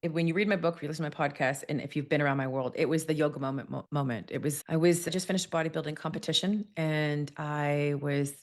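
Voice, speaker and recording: A woman in her forties, a podcast guest, telling a candid personal story with lively acted-out quotes. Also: low-pitched, fast talker, few pauses.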